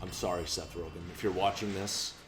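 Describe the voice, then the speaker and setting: A man's voice: low-pitched, fairly even intonation, a little fast, a crowd in the background. Rambling man chatting over gameplay. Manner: rambling, self-interrupting banter. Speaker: let's play co-host. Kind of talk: casual gameplay chat. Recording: roomy echo.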